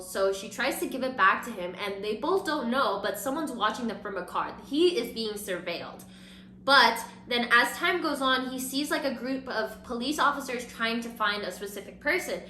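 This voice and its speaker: A young woman chatting her way through a drama recap as she does her makeup, gushing and stringing everything together with "like." Her voice sits a bit high and sounds bright and forward. The room leaves a clear echo around her. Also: slight background noise. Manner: animated, gushing, heavy use of "like"; talks while applying makeup. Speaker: beauty vlogger. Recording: roomy echo.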